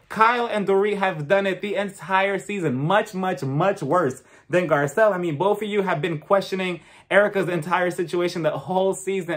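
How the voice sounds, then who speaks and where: A man reviewing a reality TV show in a casual, sassy and gossipy way, animated as he retells what happened. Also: sits high. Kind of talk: casual commentary.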